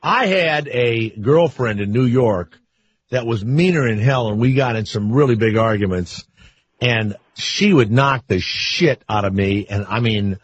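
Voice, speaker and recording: A man's voice: medium pitch, measured pace. An older man hosting a talk radio show, rambling and wisecracking in loose asides with callers and co-hosts. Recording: muffled lo-fi radio broadcast.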